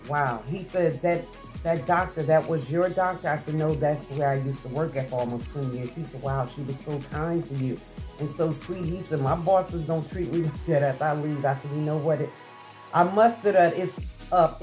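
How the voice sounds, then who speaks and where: A low-pitched, middle-aged woman recounts a personal story straight to her viewers, chatty and heartfelt, stopping and restarting often. Light music plays softly behind her voice. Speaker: vlogger. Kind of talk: casual storytelling to camera.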